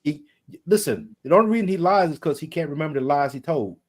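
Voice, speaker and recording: A man's voice: fairly high pitch, animated, quick pace. A man co-hosting a podcast, stressing his points and repeating them. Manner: emphatic, repetitive. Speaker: podcast co-host. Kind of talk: casual chat.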